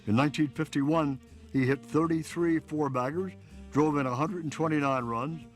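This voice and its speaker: A man giving scripted documentary narration in a measured, storytelling way. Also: fairly high pitch, soft background music.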